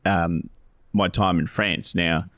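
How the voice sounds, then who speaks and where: A man in his forties talks casually on a podcast, his voice low with a gravelly edge. He rambles, circling back and restarting his sentences. The sound is close and dry. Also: fairly even intonation, slow pace, fairly bright tone, dry recording. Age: 40s. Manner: rambling, many restarts and fillers. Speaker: co-host, financial adviser.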